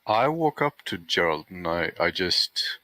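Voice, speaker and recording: A man's voice: low-pitched, very animated, measured pace, sharp tone, no echo. A man playing a tabletop game, talking casually and a little hesitantly. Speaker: player.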